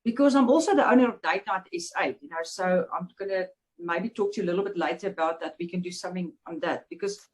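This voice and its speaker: A woman's voice: fairly low pitch, fast talker, darkish tone. A woman hosting an interview, chatting casually and affirming her guest encouragingly. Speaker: interview host.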